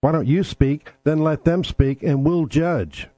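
A mellow, higher-pitched male voice at a measured pace, recorded with no room sound. He hosts his own podcast talk show, where casual political talk comes out blunt, combative and full of swearing.

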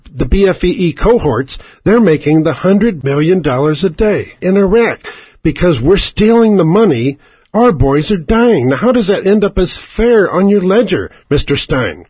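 A man's voice: fairly high pitch, husky, no room sound. A man hosting a radio show, ranting in a furious, profane, mocking way and firing off rhetorical questions. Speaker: radio host. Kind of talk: angry political radio rant. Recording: dry, dull lo-fi radio sound.

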